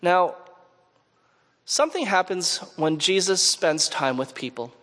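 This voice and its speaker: A man from Montreal preaches in a relaxed, storytelling way and often turns to his listeners with questions. He, and his voice sits notably high for a man. The sound carries a long echo from a large hall. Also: a little slow. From Canada, Montreal. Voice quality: conversational, asks the audience questions. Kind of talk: sermon with personal storytelling.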